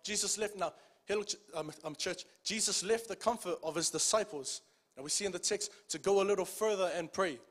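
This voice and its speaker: A man with a high-pitched voice preaches a sermon. He reads scripture aloud, slows down on the key lines, and keeps calling out to the congregation with "amen" and "church.". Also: fairly bright tone.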